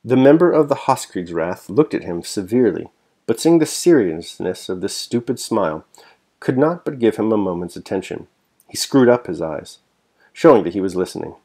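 A man reading a novel aloud chapter by chapter and then sharing his reflection on it, in a measured storytelling manner. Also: on the low side, sing-song, a little mellow. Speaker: reader and host.

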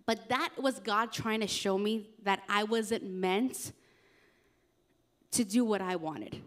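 A young adult woman, a youth pastor, preaching a casual youth sermon in a chatty, animated way with slangy asides. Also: medium pitch, slow.

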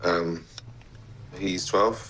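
An actor playing an English father who speaks in halting, hesitant, terse phrases. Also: sits low, sharp tone, slight background noise, heavily acted. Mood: guarded. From England.

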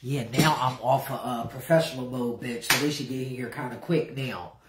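A woman's voice: extremely low pitch, moderate pace, echoey room, very noisy. A woman ranting on a livestream in a brash, profane way, repeating phrases over and over for emphasis. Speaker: live streamer. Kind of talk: unscripted livestream rant.

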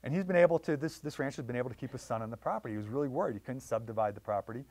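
A man giving a public lecture on wildlife conservation in a library, telling stories with lively voiced quotes. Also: mid-range voice, rapid-fire, dry recording. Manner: animated storytelling with voiced quotes.

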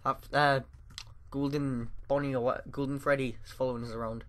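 A man's voice: mid-range voice, flat delivery, a little fast. A man giving let's play commentary into a desk mic, swearing and yelping at scares while reading game text aloud. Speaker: gamer.

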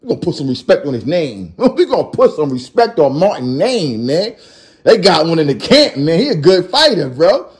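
A man giving loud, animated, slangy commentary over fight highlights as the channel's host. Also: moderate pace. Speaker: boxing commentator. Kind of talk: casual live fight commentary.

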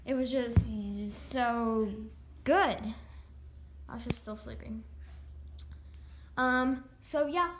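In this casual pet vlog, the young girl's slightly high voice comes through over faint background noise. She talks about her pets in a rambling, halting way with many restarts.

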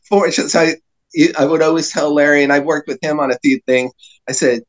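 Guy telling wild stories on a podcast, kinda high voice, does little voices for people. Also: quick pace. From New Jersey. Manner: animated anecdotes, slips into voices for other people. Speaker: guest. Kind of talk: casual storytelling.

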